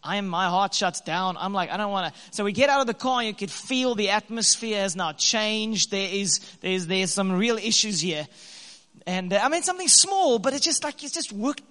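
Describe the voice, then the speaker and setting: A man telling a lively story to couples, laughing and acting out his own lines. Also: high-pitched, normal speed, in a large hall. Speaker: co-host, husband speaking to couples. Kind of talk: animated storytelling talk.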